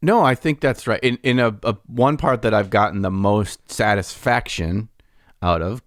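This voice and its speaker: Male podcast co-host, deep voice, rambling and prone to laughter, dry studio sound. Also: moderate pace, dry recording. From United States. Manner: rambling, restarts often, laughs easily. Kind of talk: casual podcast chat.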